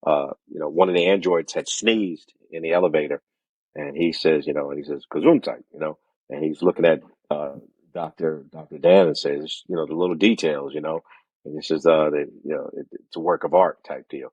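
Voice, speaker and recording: A man with a very deep, husky voice, co-hosting a casual movie chat. He talks in a relaxed, halting way, full of fillers. The recording is dull and lo-fi, and the room is dry. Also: no echo. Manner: laid-back, hesitant, leans on "you know" and "uh". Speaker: movie podcast co-host. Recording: dull lo-fi mic sound.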